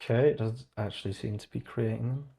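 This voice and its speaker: A man's voice: medium pitch, fast talker, vocal fry, mellow. Man muttering through a live coding stream. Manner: muttering, sarcastic asides, reading chat aloud. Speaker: streamer building an online store.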